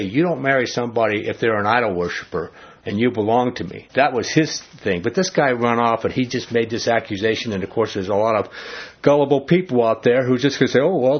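A man's voice: mid-range voice, husky, lo-fi sound. A man leading a casual Bible study, talking in a conversational way and acting out the quotes he reads. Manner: animated, conversational, acts out quotes. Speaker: Bible teacher.

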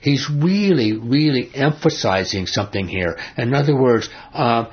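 A man's voice: medium pitch, expressive, a little slow, husky. A man leading a Bible study, reading verses aloud and explaining them in an emphatic, conversational way, often asking his listeners questions. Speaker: Bible teacher. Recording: dull lo-fi recording.

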